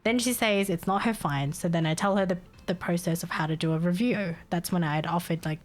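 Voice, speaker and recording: A woman's voice: lowish voice, fairly quick, hardly any pauses, soft background music. Exasperated woman streamer, swearing freely. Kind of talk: casual storytelling to stream chat.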